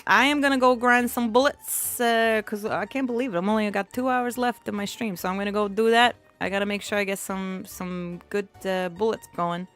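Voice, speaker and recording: A woman's voice: mid-range voice, fairly even intonation, normal speed, few pauses, fairly bright tone, faint music behind. Chatty woman streaming a game. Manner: chatty, laughs often, trails off and restarts. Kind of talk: casual gaming stream chat.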